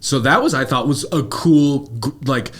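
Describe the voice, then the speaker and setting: A man's voice: medium pitch, moderate pace, breathy edge. A man co-hosting a casual movie podcast, riffing and acting out lines from films. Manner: animated, riffs and acts out movie lines. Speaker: podcast co-host. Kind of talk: casual movie-review chat.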